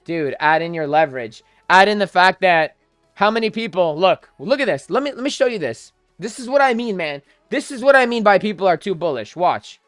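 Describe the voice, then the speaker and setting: A man's voice: sits high, animated, brisk, a bit bright, dry recording, studio quality, faint music behind. Blunt, profane man streaming live. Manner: blunt, profane, mocking, talks straight to viewers. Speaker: crypto trading livestream host. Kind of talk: casual livestream chat.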